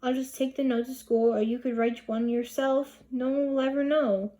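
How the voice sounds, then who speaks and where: A woman's voice: high voice, steady tone, moderate pace, natural voice. A woman reading the part of a determined, impatient mother in a storybook. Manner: sharp, impatient.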